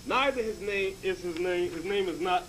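A man's voice: sits high, moderate pace, fairly bright tone, a little hiss or hum, poor audio. A man teaching as a bishop, hammering his points home and checking in with "okay?" after each one. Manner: emphatic, repeats points with "okay?". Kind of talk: scripture lesson to a group.

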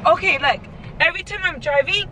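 High-voiced woman telling a story in a car. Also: fairly quick, a faint crowd, low-quality recording. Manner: animated storytelling, swearing, retelling in quotes. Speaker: vlogger. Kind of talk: casual vlog chat. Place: inside a moving car. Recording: car noise behind the voice. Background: road and car noise.

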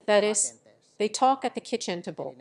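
Woman, mid-pitched voice, reads a translated lecture aloud, steady and measured.

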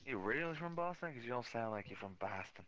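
A man's voice: medium pitch, lively intonation, racing, low-quality recording. A man on a headset in casual, profane gaming banter, teasing and quizzing his friends. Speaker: gamer on voice chat. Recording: loud game noise behind.

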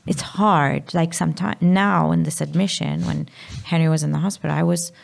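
A Maltese woman in her thirties, speaking candidly as a podcast guest, halting and sometimes dropping to a whisper. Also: sits low, steady tone, gravelly. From Malta. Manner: halting, drops to a whisper at times. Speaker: guest, mother.

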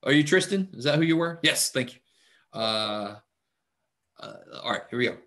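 Relaxed chatty man teaching online. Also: mid-range voice, normal speed. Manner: relaxed, chatty, many fillers. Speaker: math instructor. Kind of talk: casual online class talk. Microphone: computer mic on video call.

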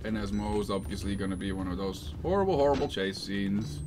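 A man's voice: lowish voice, fairly quick, background noise. A man commenting on a horror game as he plays, in a playful, jokey manner. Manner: playful, puts on mock accents. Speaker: let's play streamer. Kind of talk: gameplay commentary.

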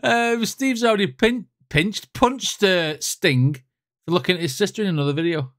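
British man, high voice, crisp tone, giggly casual reaction chat. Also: moderate pace, a bit bright. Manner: chatty, giggly, teasing. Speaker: reaction video host.

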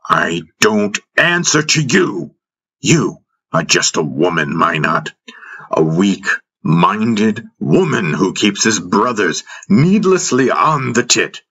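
A man's voice: deep voice, unhurried, pushed and bright, full character voice. A man voicing a cruel, arrogant young warrior who speaks with scorn and contempt. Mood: scornful. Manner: scornful, dismissive.

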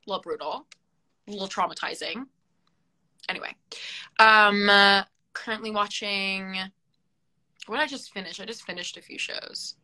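A woman's voice: medium pitch, sharp tone, low-quality recording. A young woman chatting casually as a guest on a phone live stream, teasing and mock-dramatic. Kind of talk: casual chat. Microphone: phone on a live video call.

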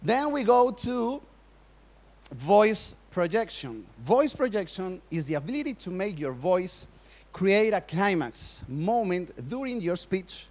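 A man who is a non-native English speaker with Spanish as his first language, giving a conference workshop talk on public speaking, a bit nervous, with frequent laughs and non-native phrasing. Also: high voice. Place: conference hall in Madrid.

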